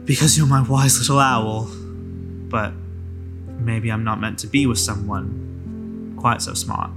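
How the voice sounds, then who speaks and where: A man's voice: fairly low pitch, fairly even intonation, unhurried, music in the background. A man voicing a stern, wounded husband who speaks theatrically and bitterly in a tabletop role-play.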